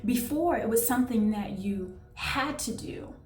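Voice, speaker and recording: Speaking at a measured pace, this tarot reader has a slightly high, lively voice and a warm, talkative manner, frequently pausing to find the right word. Her casual reading is captured in a reverberant room with the mic at some distance and gentle music underneath.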